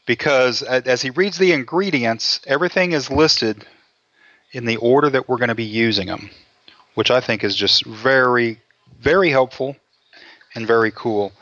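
A man's voice: medium pitch, moderate pace, fairly bright tone, no echo. Folksy man hosting a cooking show. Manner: folksy, jokey, talks through each step. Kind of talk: casual cooking show chat. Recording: dull lo-fi dry sound.

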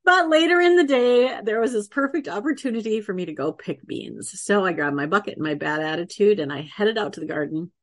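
A middle-aged woman, a podcast guest, telling a lively faith-based story from her own life and laughing often as she acts out the voices of the people in it. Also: medium pitch, fairly quick, few pauses, dry recording, studio quality. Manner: faith-based, earnest testimony. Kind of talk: conversational storytelling.

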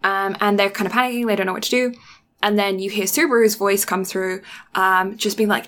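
A woman's voice: medium pitch, little pitch movement, moderate pace, a bit bright. A woman in casual chat, retelling an episode at length with many ums and restarts.

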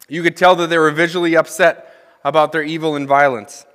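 A man's voice: on the high side, fairly even intonation, brisk, a bit bright, smooth. Male preacher in a reverberant hall. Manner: conversational, asks the congregation questions; reads scripture then comments with humor. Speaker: associate minister. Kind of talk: sermon.

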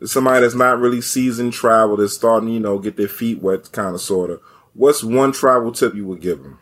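A man with a husky voice hosting a casual podcast, asking his guest questions. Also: on the low side, a little fast. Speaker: podcast host. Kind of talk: casual chat.

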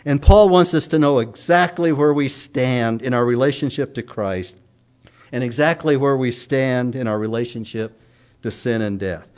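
A man's voice: mid-range voice, normal speed, a little mellow. A middle-aged man preaching a sermon in an earnest, emphatic way, his voice rising and falling strongly.

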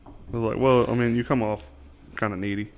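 A man co-hosting a casual podcast while drinking with his buddies. He tells rambling bar stories with plenty of swearing and a loose, offhand delivery. His voice sits at an ordinary middle pitch. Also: steady tone, fairly quick. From New York. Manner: loose storytelling, heavy swearing. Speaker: podcast co-host.

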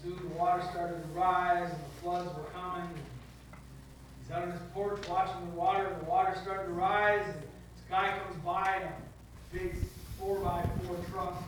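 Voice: mid-range voice, flat delivery, normal speed, slight background noise. A pastor giving a sermon in a conversational storytelling manner with touches of humor. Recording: echoey hall from far off, faint background.

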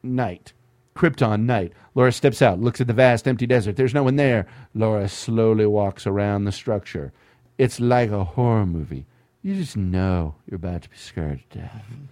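A man's voice: lowish voice, moderate pace, dark tone, no echo. A man hosting a comedy show who reads a screenplay aloud, with wry asides and frequent laughter at the material. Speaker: podcast host reading a screenplay aloud. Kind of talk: comedic script read-through.

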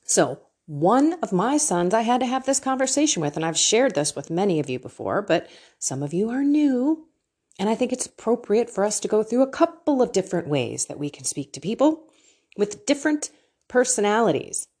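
A woman's voice: mid-range voice, sing-song, moderate pace, darkish tone, husky. A middle-aged woman hosting a Christian talk, candid and emotional, telling personal stories with quoted dialogue. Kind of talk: personal faith talk to listeners.

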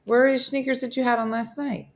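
A woman's voice: on the high side, little pitch movement, fast talker, slight background noise. A woman hosting a casual live morning stream, chatty and playful, teasing her viewers. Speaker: host of a live morning show.

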